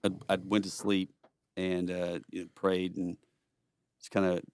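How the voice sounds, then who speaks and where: A man's voice: low voice, monotone, measured pace, a little mellow, smooth. A middle-aged man, a podcast guest, telling personal stories in a rambling, earnest way with blunt swearing. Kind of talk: casual storytelling conversation.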